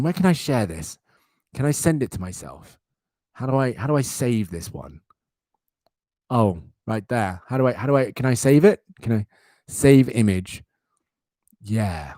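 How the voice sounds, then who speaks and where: A young man hosting a casual live stream, chatting and reacting with loud, silly outbursts. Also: mid-range voice, no room sound, clean studio sound. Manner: animated, jumps into loud silly exclamations. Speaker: livestream host.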